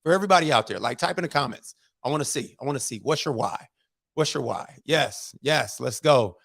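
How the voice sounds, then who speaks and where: Animated man telling motivational stories. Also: mid-range voice, brisk, gravelly, no room sound, clean studio sound. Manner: animated, storytelling, keeps asking "right?"; casual slangy speech. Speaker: host of a motivational livestream. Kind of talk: casual motivational talk.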